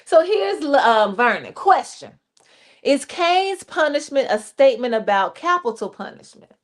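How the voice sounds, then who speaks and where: Brief: high-pitched woman, reverend hosting a streamed faith talk, lively preacher's delivery. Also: measured pace. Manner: animated, addresses listeners directly, acts out quotes. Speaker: reverend and show host.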